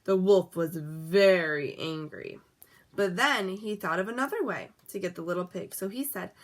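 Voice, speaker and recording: A woman reading a picture book aloud in a lively, expressive way, dropping softly on the asides. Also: fairly low pitch, normal speed. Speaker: storyteller. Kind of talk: storybook read-aloud.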